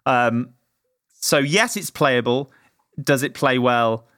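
A man talks casually, full of fillers and restarts as he circles his point. His voice is bright and forceful. The sound is dry and close. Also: medium pitch, takes it slowly, dry recording. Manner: rambling, many fillers and restarts. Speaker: game reviewer. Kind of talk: casual chat.

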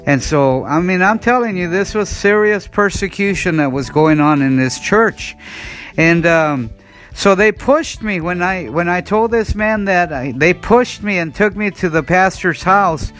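A man's voice: high-pitched, measured pace, fairly bright tone. A man from the United States preaching a sermon, telling a personal testimony in an earnest storytelling way with many "and, uh" restarts. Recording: faint guitar music behind.

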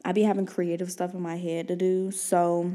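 A woman's voice: fairly low pitch, level tone, moderate pace, warm tone. A young woman, co-hosting a podcast in casual, slangy banter with lots of laughter. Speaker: podcast co-host.

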